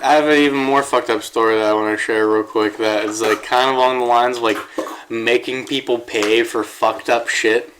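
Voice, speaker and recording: A man's voice: medium pitch, steady tone, a little fast, fairly bright tone, a little hiss or hum, poor audio. A man co-hosting a casual podcast, joking around and laughing often. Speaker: podcast co-host.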